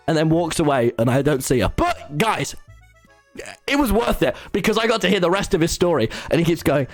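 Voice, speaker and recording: A man's voice: a little high, sing-song, a little fast, faint music behind. A young man telling a rambling story to his live chat, often laughing and restarting. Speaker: streamer.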